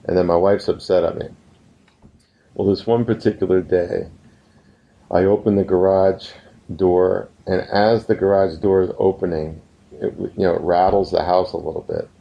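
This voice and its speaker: Male instructor, very deep and gravelly, earnest motivational lesson, slightly muffled recording. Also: steady tone. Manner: earnest, storytelling, slows down for emphasis. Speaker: business course instructor.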